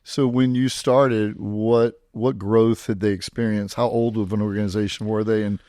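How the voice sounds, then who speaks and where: A man's voice: lowish voice, level tone, normal speed, dark tone, no echo, studio quality. Friendly man hosting a podcast. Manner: friendly, laughs easily, encouraging. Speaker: podcast host. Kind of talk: podcast interview.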